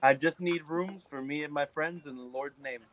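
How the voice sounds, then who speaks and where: A man's voice: on the high side, normal speed, a bit bright, slight background noise, lightly acted. A man voicing a pious, self-assured holy man in a tabletop game, speaking in a preachy way.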